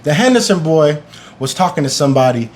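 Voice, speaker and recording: A man's voice: a little high, lively intonation, brisk, a little hiss or hum. A young man reviewing a series in a casual vlog, swearing and acting out his own reactions.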